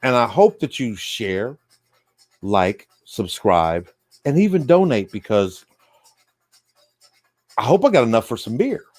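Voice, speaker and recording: A man's voice: mid-range voice, big pitch swings, slow pace, pauses often, darkish tone. A man from the United States hosting a loose, rambling, folksy livestream monologue while drinking beer. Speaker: livestream host.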